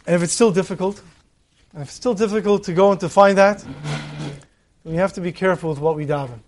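Guy a high voice giving a torah talk, tells stories and acts out the voices. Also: fairly quick, a little hiss or hum.

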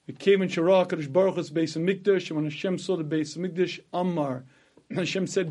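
Guy with a kinda high voice doing a slow sermon, reads hebrew lines then translates, keeps clearing his throat. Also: fairly even intonation, mellow. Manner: quotes Hebrew text then translates line by line. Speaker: Torah teacher. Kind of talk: sermon retelling a Midrash.

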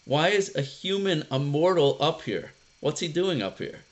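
A man's voice: on the high side, animated, moderate pace, muffled recording, lightly acted. A man voicing a chorus of indignant angels who protest in outraged, incredulous questions, within a spoken lesson.

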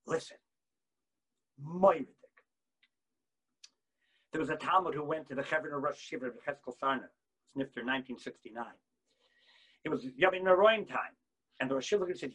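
A man giving an animated Torah talk on repentance, swinging between loud bursts and near-whispers. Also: a little high, moderate pace, long pauses, breathy edge.

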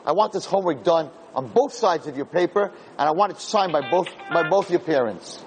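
A strict, formal schoolteacher lays down a punishment in measured, scolding tones, voiced by a man in his own voice. Her speech is crisp and proper. Nothing about it is softened. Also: fairly high pitch, lively intonation, faint music behind, low-quality recording. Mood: stern. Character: stern veteran woman schoolteacher.

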